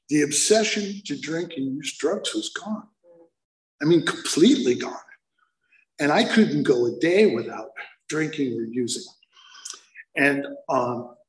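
A man telling his recovery story slowly and haltingly, with many fillers and wry self-deprecating humor. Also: mid-range voice. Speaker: speaker sharing recovery story. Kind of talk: personal testimony at a recovery meeting. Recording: roomy, echoey recording.

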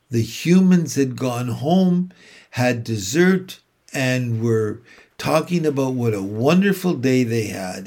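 A man reading a children's novel aloud, with slow, measured storytelling. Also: medium pitch, a little mellow. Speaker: reader.

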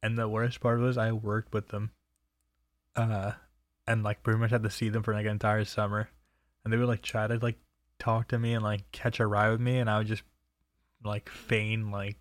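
A man's voice: fairly low pitch, completely flat delivery, moderate pace, dry recording. A young man telling personal stories in a casual, rambling way, swearing freely and filling with "like" and "um". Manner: rambling and profane, full of fillers. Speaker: storyteller.

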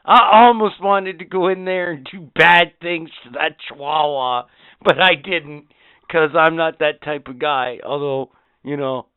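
A man's voice: on the high side, unhurried, clean tone, dry recording. A man co-hosting a podcast, ranting with crude, profane comedy. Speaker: podcast co-host. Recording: dry, phone-like lo-fi sound.

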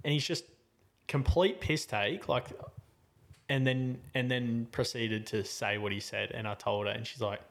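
Casual podcast chat from a young man, animated, mid-pitched, lots of fillers and restarts. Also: unhurried. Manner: animated, voice jumping up and down with the story; slangy, rambling with many fillers and restarts. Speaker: podcast host.

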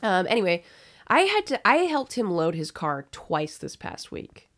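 A woman's voice: on the low side, very animated, normal speed, a bit bright. A young woman co-hosting a podcast, telling work stories in a blunt, casual way and swearing freely. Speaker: podcast co-host. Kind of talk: casual chat.

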